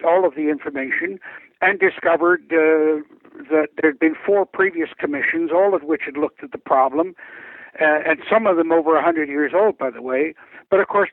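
An older man speaking as a guest over the phone, explaining things deliberately and often repeating words as he restarts. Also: on the high side, no room sound. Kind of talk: phone interview, recounting and explaining. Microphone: telephone. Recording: tinny phone line.

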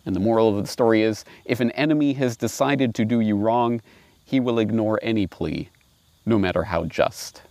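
A man reading fables aloud and commenting on them, animated and wry. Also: lowish voice, normal speed, dry recording. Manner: animated, wry, laughs at his own points. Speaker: host.

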